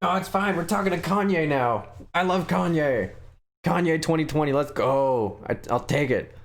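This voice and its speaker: A man's voice: fairly high pitch, moderate pace, vocal fry. A young man giving joking, playful commentary as he streams a game and talks to his chat. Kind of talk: casual gameplay commentary.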